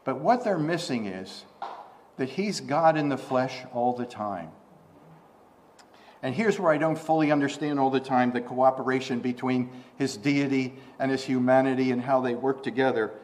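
A man gives a conversational sermon at a moderate pace, posing rhetorical questions and frequently restarting his sentences. His somewhat mellow voice climbs in pitch and volume whenever he quotes scripture, with slight background noise present.

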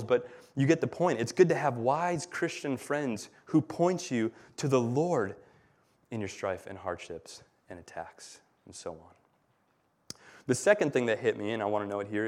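A man's voice: medium pitch, a little mellow. Earnest male pastor, mid-range voice, teaching a sermon with light humor. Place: church.

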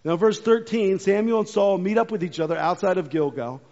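A pastor giving a sermon, reading scripture aloud, then explaining it in a casual, conversational way. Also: male voice, sits high, a little fast, a little mellow. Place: church sanctuary. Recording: muffled hall recording.

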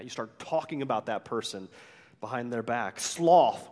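A man's voice: mid-range voice, lively intonation, measured pace, big-room sound. A man preaching a sermon as a pastor, talking in a conversational way with frequent "right?" asides and acting out the complaints he quotes.

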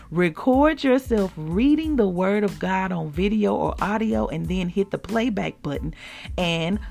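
Woman, gravelly, devotional teaching, animated, says y'all, soft music underneath. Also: mid-range voice. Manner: animated, laughs often, addresses listeners as y'all. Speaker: podcast host and preacher. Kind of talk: devotional teaching with scripture reading.

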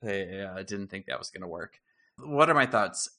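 A man's voice: low-pitched, normal speed. A man co-hosting a podcast, chatting casually and telling stories with easy laughs. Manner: relaxed storytelling, laughs easily. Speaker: podcast co-host. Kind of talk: casual chat.

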